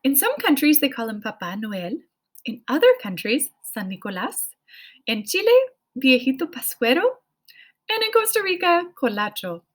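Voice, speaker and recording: A woman in her thirties leads a children's language lesson in a fairly high, very lively voice that swoops up and down. She talks in an encouraging, sing-song way and keeps inviting the listener to repeat words after her. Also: moderate pace. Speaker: Spanish teacher.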